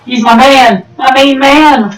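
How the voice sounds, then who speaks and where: A man giving chatty, excitable let's-play commentary over a video game, sometimes pleading and whiny. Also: very high voice, takes it slowly, far from the mic. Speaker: gaming YouTuber. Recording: echoey room with game music behind. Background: game music.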